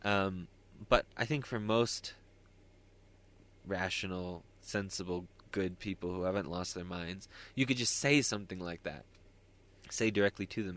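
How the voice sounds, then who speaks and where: A man's voice: sits low, unhurried, fairly bright tone. A man hosting a solo podcast, talking in a rambling, self-interrupting way with wry asides. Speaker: podcast host.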